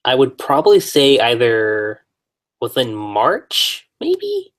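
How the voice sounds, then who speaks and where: A podcast guest in casual chat, relaxed and chatty, laughing along and using lots of fillers. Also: mid-range voice, slow.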